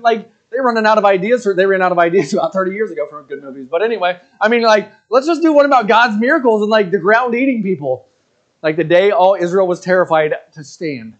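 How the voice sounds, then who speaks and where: A man's voice: high voice, animated, normal speed, lo-fi sound. A man in his thirties giving a casual, rambling sermon, full of fillers and joking asides. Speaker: pastor.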